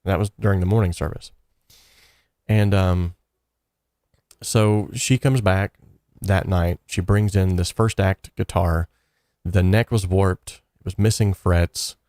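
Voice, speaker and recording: A man telling a personal story about his church and guitars, an animated storyteller who voices the people he quotes. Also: sits low, unhurried, long pauses, dry recording, studio quality.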